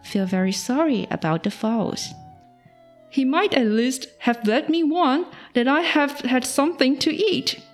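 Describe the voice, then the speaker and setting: A woman voicing a fussy, hurried middle-aged master of the house in a storybook reading, speaking in urgent exclamations. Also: sits high, faint music behind, voice pushed up. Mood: fussing.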